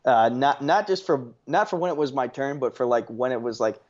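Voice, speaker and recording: A man's voice: mid-range voice, animated, brisk. A young man co-hosting a podcast, rambling through a story in casual chat and correcting himself as he goes. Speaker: podcast co-host. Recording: slightly dull, lo-fi sound.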